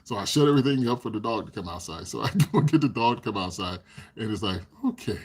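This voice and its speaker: Man with a raspy, animated voice, chuckling storyteller hosting his live stream. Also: on the low side, quick pace. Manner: chuckles often while telling stories; acts out other people's lines in his stories. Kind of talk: casual storytelling.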